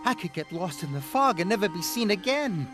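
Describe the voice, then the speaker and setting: An eager little male tank engine from a children's storybook show, speaking high and lively, as a male narrator puts him on. Music runs underneath. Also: fairly quick. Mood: eager nervous. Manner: eager, nervous.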